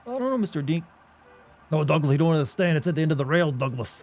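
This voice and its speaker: A man voicing an excitable male treasure-hunting professor and reading game dialogue in a loud, theatrical put-on voice. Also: a little high, quick pace, pitched above the performer's own voice. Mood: eager.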